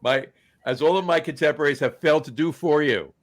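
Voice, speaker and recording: A man from New Jersey co-hosting a podcast, playfully delivering a mock campaign speech with stretched pauses. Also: on the high side. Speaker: podcast co-host.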